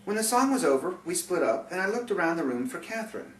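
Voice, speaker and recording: A man reads his own memoir aloud as an audiobook, sardonic and full of bitter asides. His voice sits high, swings widely in pitch and moves fast. The recording sounds roomy and distant, with faint hiss.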